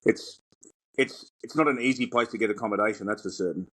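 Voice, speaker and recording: A man's voice: on the low side, fairly quick, fairly bright tone, slightly rough. A man co-hosting a podcast, telling stories in casual chat with emphatic energy. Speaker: podcast co-host, former tour caddie.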